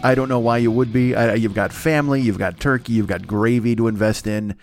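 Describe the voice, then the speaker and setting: A man's voice: mid-range voice, fairly even intonation, a little fast, soft background music. A man in his forties hosting a solo podcast, rambling through profane, self-mocking comic riffs. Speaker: podcast host. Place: at home.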